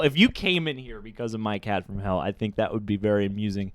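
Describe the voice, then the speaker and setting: A man's voice: on the low side, expressive, fairly quick, few pauses, no echo. A man co-hosting a live stream, joking around and reading viewer comments aloud in a casual way.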